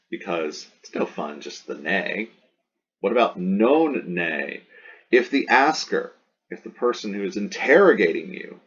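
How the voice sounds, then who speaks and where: Deep-voiced patient Latin teacher, lo-fi. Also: male voice. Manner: patient, explanatory, repeats key words, stresses words for emphasis. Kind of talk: recorded classroom lecture.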